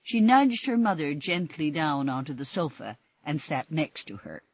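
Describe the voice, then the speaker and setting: A woman reading an audiobook in expressive, measured scripted narration. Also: low-pitched, slightly rough, no room sound, muffled recording.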